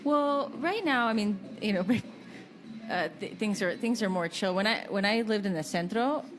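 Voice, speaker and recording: A woman's voice: medium pitch, lively intonation, unhurried. An American woman co-hosting a podcast, talking in casual chat, giggly and candid. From United States. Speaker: podcast co-host.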